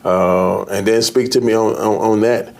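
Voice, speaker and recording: A man, a pastor, telling in an interview how he came out of a coma, halting and repeating words earnestly. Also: lowish voice, steady tone, vocal fry. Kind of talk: interview guest recounting illness. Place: TV studio.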